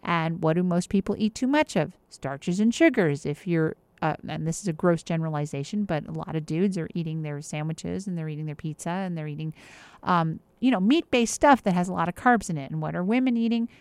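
A woman's voice: lowish voice, fairly quick, a little mellow, smooth, no room sound. Chatty woman giving health advice. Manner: chatty, emphatic, with many fillers and restarts. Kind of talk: casual advice talk.

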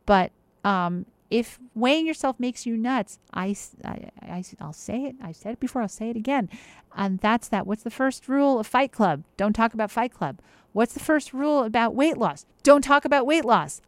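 A woman's voice: medium pitch, no echo. A woman giving casual health advice in an emphatic, chatty way, with many fillers and restarts.

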